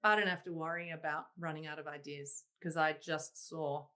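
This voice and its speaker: Bright-voiced woman telling stories. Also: sits low, normal speed. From Australia. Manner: animated, laughing, quoting herself in exclaimed asides. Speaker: guest, singer-songwriter. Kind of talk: casual interview storytelling.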